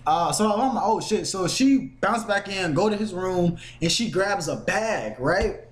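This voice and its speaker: A young man telling a story casually, animated and slangy, acting out the voices of the people in it and cursing often. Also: high voice, measured pace. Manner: animated, acts out quotes with shifting voices. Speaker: podcast host telling a story.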